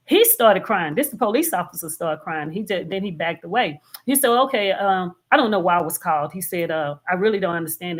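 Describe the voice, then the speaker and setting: A woman, a minister, telling a story in an earnest, detailed way during a casual live church discussion. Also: on the low side. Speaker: minister and co-host.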